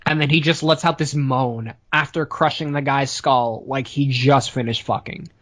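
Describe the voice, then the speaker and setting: A man co-hosting a casual movie review chat, retelling the plot in a profane, animated way. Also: medium pitch, moderate pace. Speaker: podcast co-host.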